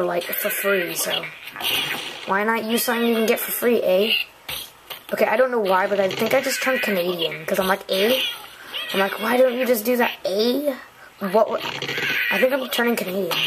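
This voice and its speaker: A goofy young woman chats through a mobile game for her channel, mid-pitched and playful, breaking into silly shouted catchphrases. Her home recording carries loud, steady background noise. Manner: goofy, chatty, yells catchphrases. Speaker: gaming channel host. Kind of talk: casual let's-play commentary.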